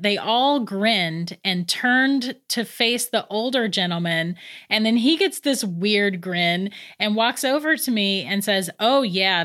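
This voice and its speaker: Bright-voiced woman telling a ghost story. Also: medium pitch. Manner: chatty, animated, laughs between lines. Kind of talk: casual spoken ghost story.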